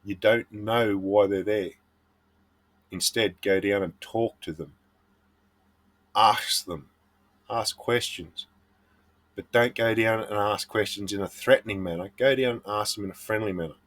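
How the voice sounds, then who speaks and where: A man's voice: fairly low pitch, measured pace, pauses often, fairly bright tone. A middle-aged Australian man, a prospecting vlogger, giving earnest, blunt advice in a casual monologue.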